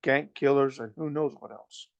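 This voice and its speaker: A man voicing a cocky, gruff smuggler who teases and scolds in a storybook reading. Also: mid-range voice, moderate pace, highs cut off, lightly acted. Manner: gruff, stern, teasing. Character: cocky roguish male smuggler, gruff and teasing.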